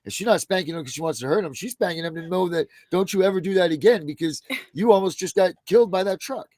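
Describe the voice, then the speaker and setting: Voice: mid-range voice, quick pace, dark tone, no room sound. A podcast co-host chatting casually, mostly agreeing and chiming in with short replies.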